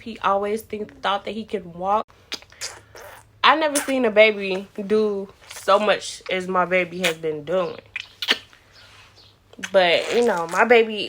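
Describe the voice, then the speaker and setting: A woman's voice: medium pitch, fairly bright tone, a little hiss or hum. A young woman vlogger telling a personal story in a chatty, casual way, repeating words and acting out what people said.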